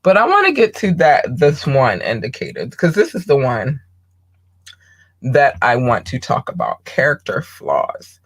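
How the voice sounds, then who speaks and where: A woman hosting a podcast, talking bluntly and candidly in a casual monologue, swearing freely and often pausing with ums. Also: a bass voice, huge pitch swings, breathy edge. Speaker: podcast host.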